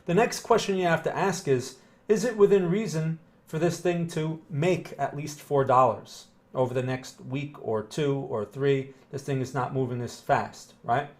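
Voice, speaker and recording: A man's voice: on the high side, normal speed. A man hosting a live chart analysis stream, talking casually and rambling, checking in with "right?" and greeting viewers. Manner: casual, rambling, with frequent tag questions. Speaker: market analyst host.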